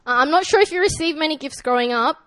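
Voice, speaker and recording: Young aussie lady pastor preaching, high pitched, laughs a lot, lots of ums. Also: expressive, fast talker, fairly bright tone, no room sound. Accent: Australian. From Australia. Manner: friendly, laughs often, fillers like um and uh. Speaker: guest pastor. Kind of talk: sermon.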